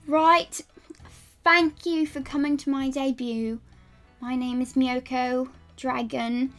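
A high, unhurried voice in a playful mock British accent, as a woman streamer puts it on. The greeting sounds exaggerated and formal, with faint music behind it. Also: fairly even intonation, a little mellow.

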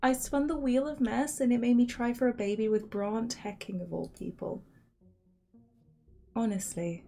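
A woman's voice: fairly high pitch, steady tone, moderate pace, vocal fry, dark tone, faint music behind. A woman streamer chatting playfully through a life-sim game, talking to her characters and thanking her chat. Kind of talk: casual live game commentary.

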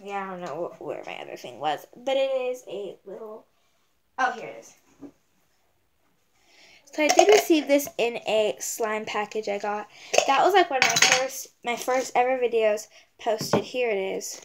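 Bubbly young woman vlogger, high lively voice. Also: normal speed. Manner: rambling and bubbly, many likes. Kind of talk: casual giveaway vlog. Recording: noisy home recording.

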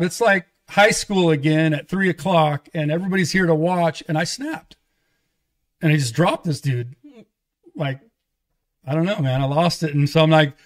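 A man's voice: on the high side, moderate pace. A man, a pastor guest on a podcast, telling a candid personal testimony in rambling casual talk and acting out the dialogue. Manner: rambling storytelling with restarts, acting out quoted dialogue.

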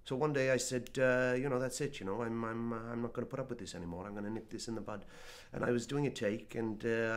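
A man's voice: lowish voice, close to an everyday voice. A man playing a blustering old Irish hellraiser. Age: older. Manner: stammering, rambling, quick to take offense. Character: aging boozy Irish film-star hellraiser, blustering and touchy. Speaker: interviewee. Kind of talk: comedy sketch, mock interview.

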